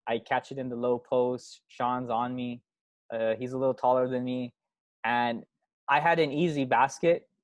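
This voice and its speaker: A man telling a story in casual conversation, relaxed and laughing through it. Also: medium pitch, no room sound. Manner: laid-back, laughs through his stories. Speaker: podcast guest.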